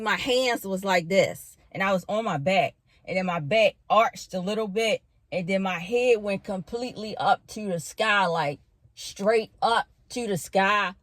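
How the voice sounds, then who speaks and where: A young woman vlogging from her bedroom, telling a spiritual story in a casual, animated way, full of fillers and casual swearing. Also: medium pitch, dry recording. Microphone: camera in a bedroom.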